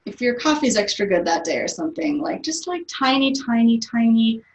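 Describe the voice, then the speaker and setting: A woman's voice: fairly high pitch, sing-song, moderate pace, highs cut off. A young adult woman chatting as an interview guest, laughing often and using lots of fillers. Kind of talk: casual interview chat. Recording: roomy, distant from the mic.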